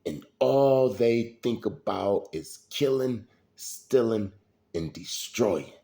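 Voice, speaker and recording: A middle-aged man, telling stories in a slow, preachy street style. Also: lowish voice, lively intonation, vocal fry, warm tone. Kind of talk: casual storytelling monologue.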